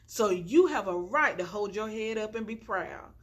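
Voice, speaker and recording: A woman's voice: mid-range voice, animated, moderate pace. A young adult woman vlogging to her phone from the floor at home, chatty and preachy, encouraging her viewers. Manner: chatty and preachy, constantly saying y'all. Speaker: inspirational vlogger. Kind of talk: casual encouraging talk to camera. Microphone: phone on a tripod with ring light.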